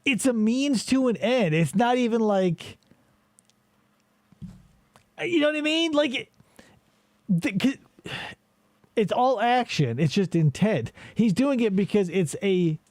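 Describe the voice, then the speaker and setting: Lively high-pitched young man chatting. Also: takes it slowly, pauses often, dry recording. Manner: animated, rambling, profane. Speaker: podcast co-host. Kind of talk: casual chat reacting to interrogation footage.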